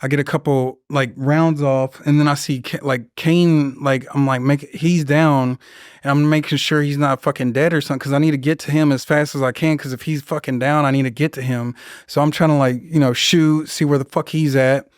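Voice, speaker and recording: A young man tells a war story in rough, profane, casual speech, with a higher pitch than most men. He leaps into loud voices for the people in it. His voice is smooth and clear in a dry, close room. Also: a little fast, no room sound. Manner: profane, animated, acts out voices in his stories. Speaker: guest, Marine veteran.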